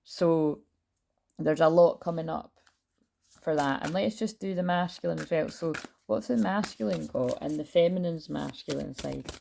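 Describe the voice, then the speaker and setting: A woman talks through a tarot reading in a low, gravelly voice. She is loud and chatty and swears casually. She is recorded on a camera mic rather than a clip-on one. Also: moderate pace, a little hiss or hum. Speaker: tarot reader. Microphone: built-in camera mic, no lapel.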